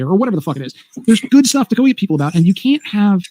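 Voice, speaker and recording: A man talks very fast on a stream panel, ranting emphatically and restarting often. His voice sits a little high. The sound is dry and close. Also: very animated, a little mellow, no echo. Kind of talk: casual opinionated chat.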